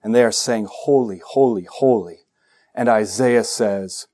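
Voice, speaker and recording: A male pastor preaching a sermon, animated, with joking asides and acted-out quotes. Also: fairly low pitch, measured pace.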